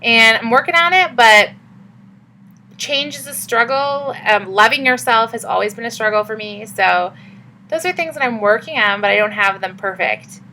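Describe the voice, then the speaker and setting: A woman's voice: fairly high pitch, normal speed, bright, forceful tone, slight background noise, poor audio. A young woman vlogging in a casual, chatty and upbeat way, with many fillers. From Massachusetts. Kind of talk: casual vlog talk.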